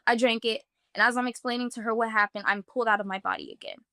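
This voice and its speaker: A woman with a slightly high, bright and forceful voice tells a personal story in the first person. She speaks earnestly and casually, leaning on "like" as she paints each scene. The sound is dry and close, with no room around it. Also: huge pitch swings, fast talker, no room sound. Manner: earnest, vivid, many "like" fillers. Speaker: guest telling a personal testimony.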